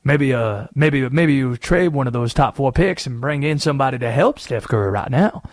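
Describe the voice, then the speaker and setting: A man putting on a Southern accent to play an excitable conspiracy-theorist sports pundit on a radio show. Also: medium pitch, dry recording, studio quality, pitched below the performer's own voice, close to an everyday voice. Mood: scheming. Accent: American Southern. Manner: fast-talking, drawling, wheedling. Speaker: radio host.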